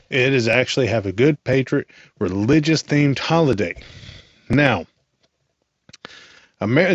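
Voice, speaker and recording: A man's voice: medium pitch, dry recording. Guy rambling on his own podcast, chatty, dry dull lo-fi sound. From United States. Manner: chatty, rambling, animated asides. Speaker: podcast host. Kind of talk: casual solo podcast.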